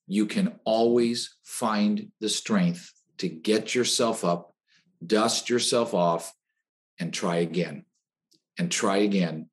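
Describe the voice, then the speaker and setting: A middle-aged man, a coach and podcast guest, giving an earnest motivational talk with repeated phrases. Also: lowish voice. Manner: earnest, preaching, repetitive phrasing.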